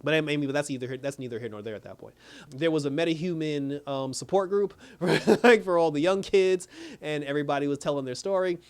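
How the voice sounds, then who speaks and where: A man's voice: a little high, a little fast, smooth. A man casually recapping a TV episode as a reviewer, rambling loosely and laughing often as he retells scenes. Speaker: TV show reviewer.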